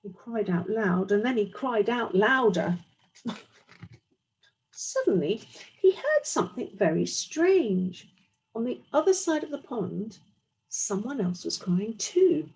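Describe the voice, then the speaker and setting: A woman's voice: fairly high pitch, very animated, slow pace, a little mellow, husky, rough recording. A woman teacher reading a storybook aloud to young children, explaining as she goes.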